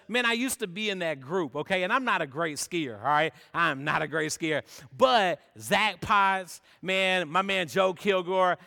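Young pastor guy, high clear voice, lively and chatty, big church hall echo. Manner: energetic, chatty, peppers talk with "man" and "all right?". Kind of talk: sermon with personal stories. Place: church sanctuary. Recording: long reverb of a church hall.

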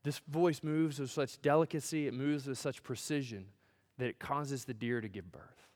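A male pastor preaching a sermon in a church, swinging from loud, emphatic build-ups to hushed, near-whispered lines. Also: mid-range voice, normal speed. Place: church sanctuary. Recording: long hall reverb.

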